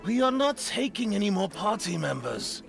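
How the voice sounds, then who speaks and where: A man voicing a rough backwoods man with a gravelly drawl in a demo reel. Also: sits high, big pitch swings, normal speed, pitched above the performer's own voice, full character voice. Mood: gruff.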